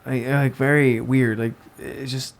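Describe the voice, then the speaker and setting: A man's voice: mid-range voice, a little slow, vocal fry. A young man from the New York area, a podcast guest telling a story in casual talk, swearing and acting out the people in it. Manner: animated, swearing, acts out voices in his stories.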